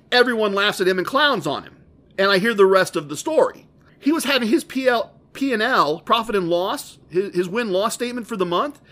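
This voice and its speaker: A man's voice: high-pitched, a bit bright. A man hosting a podcast, telling a casino story with dry, wry, self-deprecating asides. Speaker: podcast host. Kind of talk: casual storytelling.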